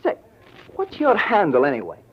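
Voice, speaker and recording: A chatty young jive pianist rattles off hipster slang. His voice sits high and swoops all over the place, heard through dull vintage radio sound, 1940s radio acting. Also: huge pitch swings, normal speed, breathy edge, heavily acted. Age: young adult.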